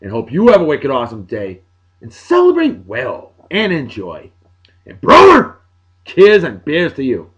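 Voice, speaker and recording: A man, hosting a show and giving chatty, upbeat shout-outs with playful asides. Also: a little high, huge pitch swings, measured pace, highs cut off. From Massachusetts, USA. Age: 40s. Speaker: video show host. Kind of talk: casual birthday shout-outs.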